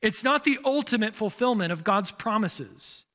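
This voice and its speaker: High-voiced pastor preaching an expository sermon. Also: male voice, animated, normal speed, fairly bright tone. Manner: expository, poses rhetorical questions; directs listeners to turn in their Bibles.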